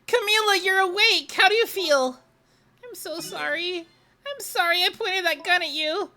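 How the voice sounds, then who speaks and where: A woman's voice: very high voice, a little slow, bright, forceful tone, voice pushed up, full character voice. A woman voicing an earnest, anxious but brave young woman in a video game, speaking urgently.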